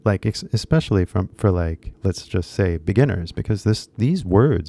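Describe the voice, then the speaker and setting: A man's voice: low voice, animated, normal speed, gravelly, few pauses, warm tone. A man with an American accent giving a casual, rambling English pronunciation lesson, repeating key words for emphasis. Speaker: English teacher.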